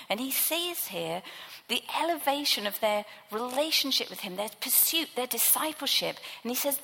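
A woman's voice: high-pitched, lively intonation, moderate pace, creaky, sharp tone, slightly rough, in a large hall, rough recording. A woman preacher giving a sermon, teaching from the Bible in a conversational way.

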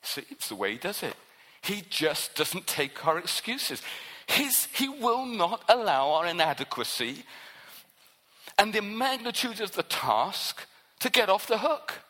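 A man's voice: high-pitched, very animated, unhurried, pushed and bright. A man preaching a sermon in a church, emphatic and repetitive in his rhetoric. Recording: long hall reverb.

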